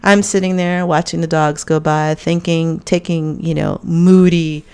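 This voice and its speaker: A woman's voice: low-pitched, steady tone, a little slow, darkish tone, smooth. A woman hosting a podcast, telling a story in a blunt, profane, conversational way. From United States. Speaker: podcast host. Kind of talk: casual monologue.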